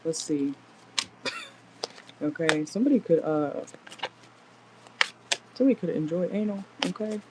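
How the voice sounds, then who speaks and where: A woman's voice: low-pitched, expressive, measured pace, long pauses, noisy background. A woman doing a casual tarot reading in a car, chatty and blunt, swearing freely as she talks to viewers. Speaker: tarot reader.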